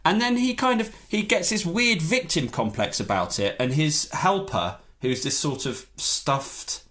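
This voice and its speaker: A man in a casual chat, ranting in an animated, exaggerated comic way. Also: a little high, unhurried.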